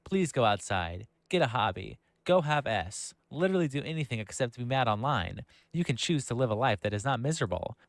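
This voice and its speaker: A man's voice: medium pitch, animated, a little fast, vocal fry, hardly any pauses, dry recording. Sarcastic man narrating, dry recording. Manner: sarcastic, reads quotes aloud. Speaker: commentary video narrator. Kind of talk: commentary reading out messages.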